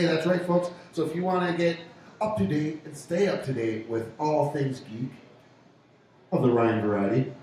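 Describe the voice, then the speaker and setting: A man's voice: fairly high pitch, sing-song, moderate pace, darkish tone. Chatty man in an echoey pub. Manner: joking, chatty, laughs often. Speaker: co-host of a pub radio show. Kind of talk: casual banter. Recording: echoey pub room from far off. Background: faint room noise.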